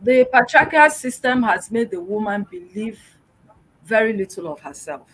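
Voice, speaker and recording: Emphatic, fairly high-voiced woman exhorting. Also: animated, moderate pace, a bit bright, husky, poor audio. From Nigeria. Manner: emphatic, exhorting, with rhetorical questions. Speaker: guest, public relations expert. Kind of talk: interview answers, motivational.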